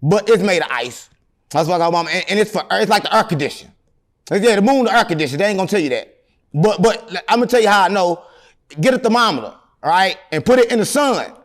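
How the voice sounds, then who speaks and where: High-voiced man telling rambling stories. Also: fast talker. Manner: animated, rambling, deadpan joking. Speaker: interview guest. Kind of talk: rambling storytelling in casual interview.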